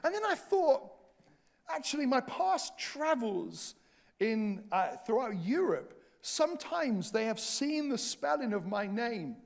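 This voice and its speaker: Guy preaching, fairly high voice, jokey storytelling, lots of ups and downs. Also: slow, vocal fry. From Wales. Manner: animated anecdotal storytelling, self-mocking humor. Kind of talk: storytelling sermon. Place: church hall.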